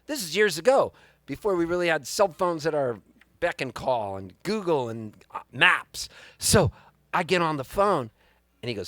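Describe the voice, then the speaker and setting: A man, a singer-songwriter, telling an animated story between songs at a live music venue and acting out the people in it. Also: on the high side, moderate pace, no room sound. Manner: animated, excitable storyteller who acts out the people he quotes.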